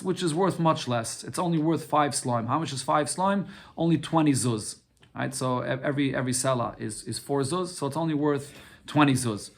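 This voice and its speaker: A man's voice: on the high side, fairly bright tone. A man teaching a daily Talmud lesson, reading short Aramaic phrases and explaining them step by step, often repeating words and asking and answering his own questions.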